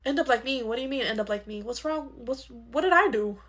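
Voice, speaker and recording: A woman's voice: fairly high pitch, fairly quick. A woman playing a blunt adult uncle who is a lawyer, lecturing and reasoning in a home-video skit. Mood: gently reasoning. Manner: lecturing, scolding, then gently reasoning. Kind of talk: comedy skit role-play.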